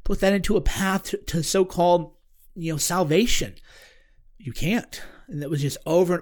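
A man with a somewhat higher voice tells a personal story in casual podcast conversation. He sounds earnest and searching, often halting and restarting mid-sentence as he looks for the right words. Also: darkish tone.

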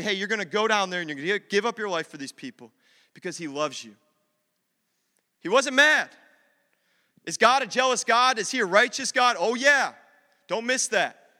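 A man's voice: very high-pitched, bright, forceful tone, in a large hall. A man preaching a sermon as pastor, impassioned and repeating phrases for emphasis.

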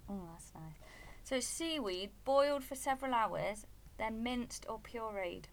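A woman's voice: a little high, animated, measured pace. A woman co-hosting a casual podcast chat, chatty and teasing as she talks through food and customs. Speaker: podcast co-host. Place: home in Wales.

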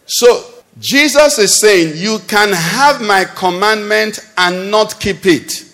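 A man preaches in a high, lifted voice, tossing questions out to the congregation and waiting for them to answer. His voice rings through a hall with a long, trailing echo. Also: slow, a bit bright. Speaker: pastor. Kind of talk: sermon. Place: church hall.

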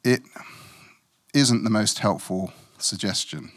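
A middle-aged male preacher from Africa speaks slowly in a fairly low, slightly bright voice. His sermon is conversational and self-mocking, with dry humour and playful asides that include acted-out quotes.

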